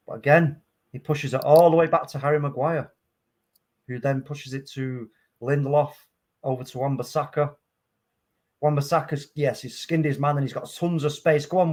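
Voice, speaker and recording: Male fan-commentator, slightly high voice, excitable, prone to loud outbursts. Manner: excitable, swings from calm play-by-play to loud outbursts. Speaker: watchalong host. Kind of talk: live match commentary.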